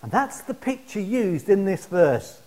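High-voiced man preaching a sermon. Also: expressive. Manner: emphatic, swings from loud declaration to hushed appeal; slows to stress key words.

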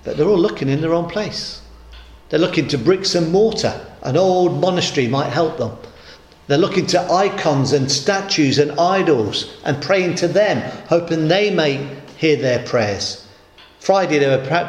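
A man's voice: a little high, expressive, normal speed. A man preaching a sermon in an emphatic storytelling manner, acting out the voices of the people he quotes. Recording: echoey room.

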